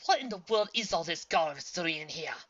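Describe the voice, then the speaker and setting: A woman voicing a gentle pony princess in disguise who speaks in a formal, old-fashioned way. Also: lowish voice, sing-song, a little fast, highs cut off, voice pushed up. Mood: earnest.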